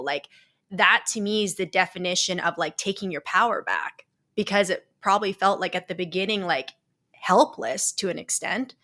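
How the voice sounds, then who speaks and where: A woman coach hosts a relaxed podcast interview. Her voice is bright and mid-pitched for a woman. She speaks earnestly, affirming her guest with emphatic enthusiasm. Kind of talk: conversational interview.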